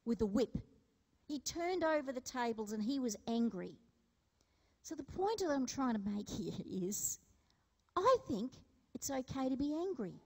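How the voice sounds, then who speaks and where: A woman delivers a sermon in a relaxed, conversational way. She tells personal stories and keeps putting questions to the room. Her voice sits slightly high and carries a long echo from the church hall. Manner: storytelling, asks the congregation questions. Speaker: preacher.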